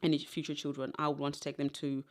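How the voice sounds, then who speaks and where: A woman's voice: low voice, level tone, fast, a little mellow. Woman from Zimbabwe telling stories. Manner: tangential storytelling, laughs often. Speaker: podcast guest. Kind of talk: casual interview chat.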